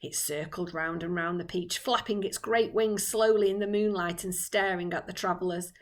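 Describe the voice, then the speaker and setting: A woman's voice: fairly low pitch, fairly even intonation, moderate pace. A woman teacher reading a children's book aloud with dramatic expression.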